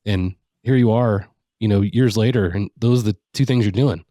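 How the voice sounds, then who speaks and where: A man's voice: fairly low pitch, moderate pace, dark tone, no room sound, studio quality. A man hosting a podcast, reflecting on his guest's story and relating it to his own experience. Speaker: podcast host. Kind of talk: casual interview chat.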